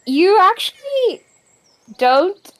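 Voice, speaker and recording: A woman narrating as game master of an improvised tabletop game, in a gentle, unhurried way. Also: very high voice, big pitch swings.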